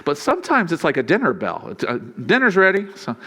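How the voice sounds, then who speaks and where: A male pastor preaching a sermon in a relaxed, conversational way. He chuckles often and acts out quoted lines. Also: on the high side, quick pace, husky.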